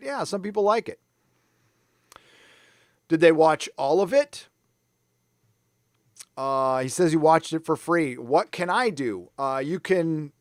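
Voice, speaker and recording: A man's voice: on the high side, dry recording, clean studio sound. A middle-aged man hosting a live stream, ranting angrily and swearing a lot while reading viewer comments. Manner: angry, profane, ranting. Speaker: live show host.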